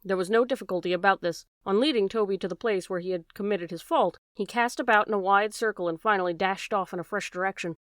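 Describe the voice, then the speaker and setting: A woman narrating a classic detective story as an audiobook reader, steady and even. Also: medium pitch, fast, few pauses, dry recording, studio quality. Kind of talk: scripted narration.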